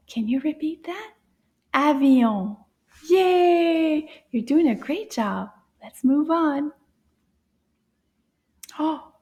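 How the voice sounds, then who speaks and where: A woman with a high-pitched, creaky voice teaches a French lesson for children. Cheerful and encouraging, she mixes English with French. She often drops into soft whispers.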